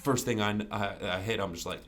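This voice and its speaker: Speaking briskly in a fairly bright, low-leaning voice, this man is a podcast guest in a candid interview. He talks earnestly and openly, circling back on his points with plenty of "you know"s and offhand swearing.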